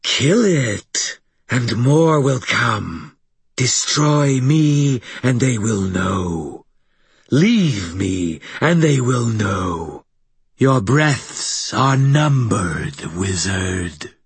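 A man voicing a cold, menacing inhuman monster in an audiobook, with a buzzing, harsh rasping voice and slow, drawn-out, ominous delivery. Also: mid-range voice, animated, no echo, pitched above the performer's own voice, exaggerated voice. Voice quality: buzzing, twisting, harsh rasp. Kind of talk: audiobook character voice.

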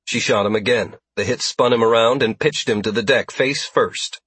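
Husky male audiobook narrator. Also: medium pitch, moderate pace, fairly bright tone, no room sound. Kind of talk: scripted narration.

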